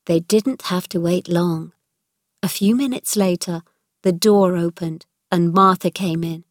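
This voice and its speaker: A woman narrating a storybook chapter in a clear, measured reading voice. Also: mid-range voice, no echo, studio quality.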